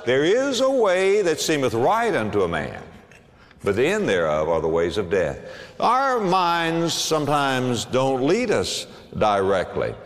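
A man preaching a sermon to a congregation, animated, with big swings and emphatic bursts. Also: mid-range voice, big-room sound. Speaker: pastor.

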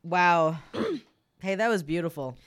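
A woman's voice: on the low side, lively intonation, slow pace. A woman hosting a podcast in casual chat, rambling and jokey with frequent restarts. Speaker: podcast host.

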